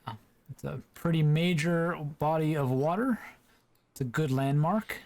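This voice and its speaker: A male commentator calls an online geography game in a relaxed, chatty way, with plenty of small fillers. His voice sits a little higher than usual. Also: a little slow, a little hiss or hum. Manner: easygoing, chatty, with frequent fillers. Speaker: esports commentator. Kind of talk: play-by-play commentary.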